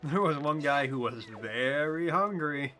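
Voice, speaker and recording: A man's voice: fairly high pitch, lively intonation, a little slow, bright, forceful tone, faint music behind. Goofy joking male streamer. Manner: joking, goofy, riffing on chat. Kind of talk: casual gaming stream chat.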